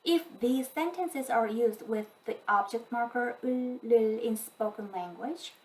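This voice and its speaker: Higher-voiced woman teaching grammar. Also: distant mic, rough recording. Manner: slow, careful explanation. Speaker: language teacher. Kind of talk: scripted grammar lesson.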